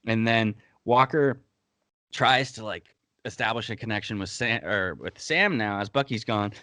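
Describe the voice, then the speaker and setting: Man, podcast host, casual show breakdown, low-pitched, blunt, swears, dry room. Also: moderate pace, bright, forceful tone, dry recording. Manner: heated, blunt, swears freely. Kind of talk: casual TV episode breakdown chat.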